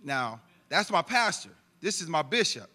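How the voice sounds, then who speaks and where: Earnest bright-voiced man testifying. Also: fairly high pitch, big pitch swings, normal speed. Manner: earnest, preaching to the congregation. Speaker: church testimony speaker. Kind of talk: emotional church testimony.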